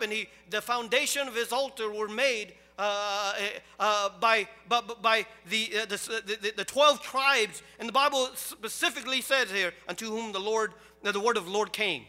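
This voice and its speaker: A man preaching a sermon as pastor, swinging from quiet storytelling to loud, animated preaching. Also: high voice, moderate pace, long reverb tail, soft background music.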